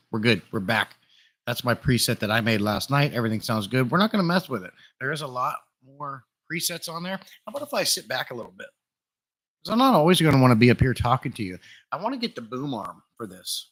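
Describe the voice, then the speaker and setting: A man hosting a casual live stream, chatting in a relaxed way and greeting viewers by name, recorded on a desktop mic in a room full of glass fish tanks. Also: medium pitch. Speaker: livestream host. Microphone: desktop USB condenser mic.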